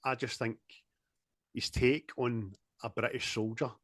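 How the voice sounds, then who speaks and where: A man in casual, sweary film chat, animated and quick to laugh, talking over a video call. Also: medium pitch, no room sound, clean studio sound. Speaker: podcast co-host.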